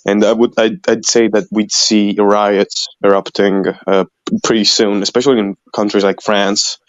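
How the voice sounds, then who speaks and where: A man's voice: on the low side, dry recording, lo-fi sound. A man on a call-in discussion panel, talking hesitantly with many restarts. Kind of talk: casual discussion.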